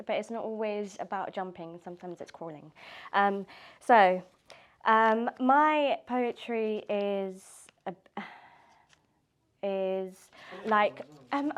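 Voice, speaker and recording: A woman poet chatting loosely and laughing often, then reading her own poems at a live event. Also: medium pitch. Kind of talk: poetry reading and casual chat.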